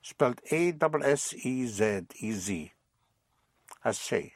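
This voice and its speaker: A man's voice: lowish voice, lively intonation, slow pace, no room sound. A man teaching a language lesson, patiently prompting and repeating phrases.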